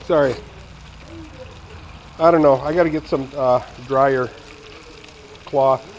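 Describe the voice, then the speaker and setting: A man's voice: mid-range voice, fairly even intonation, slow, slight background noise, poor audio. Rambling retired man chatting while frying fish. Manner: rambling, chatty, talks straight to viewers. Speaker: vlogger. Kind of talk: casual home cooking vlog. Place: home kitchen, indoors.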